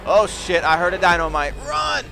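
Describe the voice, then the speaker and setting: A man giving loud, excitable let's play commentary, swearing and yelling at enemies. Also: high-pitched, moderate pace. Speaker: gaming commentator. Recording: commentary over loud game music and effects.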